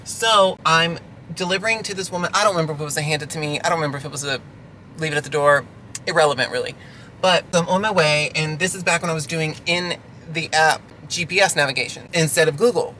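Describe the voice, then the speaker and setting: A man's voice: a little high, fast, sharp tone, a little hiss or hum. A delivery driver venting through a ranting storytime vlog from his car, sarcastic and exasperated.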